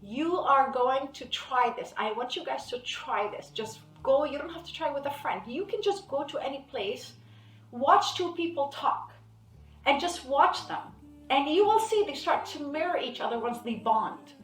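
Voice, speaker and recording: A woman's voice: high voice, expressive, normal speed, far from the mic. A woman hypnotherapist giving an informal video lesson, talking animatedly, acting out client conversations and repeating her key points. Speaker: hypnotherapist teaching a technique. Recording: roomy echo, off-mic, faint music.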